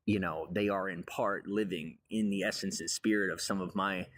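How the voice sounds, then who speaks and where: A man's voice: low-pitched, fairly even intonation, normal speed, a bit bright, slight background noise. A man giving a grandiose, meandering monologue about his life and advice. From raised on a farm. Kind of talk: rambling monologue.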